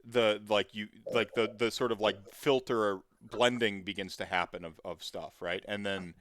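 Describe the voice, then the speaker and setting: An American man hosting a casual livestream chat, rambling and animated, full of filler words. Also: fairly low pitch, normal speed. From United States. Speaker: livestream host. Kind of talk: casual chat on a charity stream.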